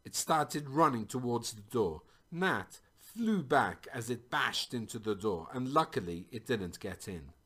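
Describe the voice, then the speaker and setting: A man's voice: mid-range voice, animated, unhurried, few pauses, pushed and bright, husky. A man reading a fantasy story aloud.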